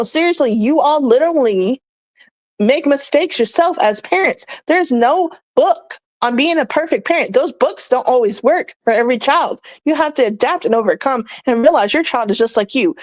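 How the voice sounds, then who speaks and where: A young woman with a fairly high voice vents straight into the camera. She scolds bluntly and swears freely, in the loose, heated flow of a commentary vlog. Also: no room sound, poor audio. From United States. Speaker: vlogger reacting to comments. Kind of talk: ranting commentary.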